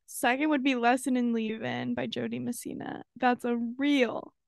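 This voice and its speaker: A woman's voice: a little high, steady tone, moderate pace, gravelly, no room sound, clean studio sound. A young woman co-hosting a podcast in a bubbly, casual way, laughing easily. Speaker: podcast co-host. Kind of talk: casual chat.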